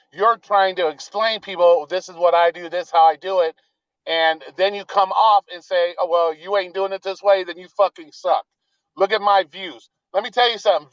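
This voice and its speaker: A man's voice: sits high, no echo. A man calling into a live show, criticizing the host in a blunt, profane, confrontational way. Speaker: caller. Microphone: remote call-in. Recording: dull, dry remote call audio.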